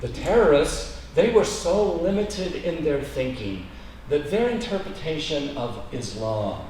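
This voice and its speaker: Lively preacher in a roomy hall. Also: male voice, on the high side, a little slow. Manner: storytelling preacher, acts out dialogue in a joke. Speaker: pastor. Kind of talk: sermon. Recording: echoey room, mic at a distance, faint hiss.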